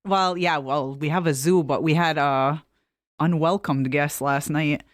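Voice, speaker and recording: A woman's voice: low voice, steady tone, a little slow, no room sound, studio quality. A woman co-hosting a podcast, telling a story in casual chat with plenty of swearing and laughter. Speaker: podcast co-host.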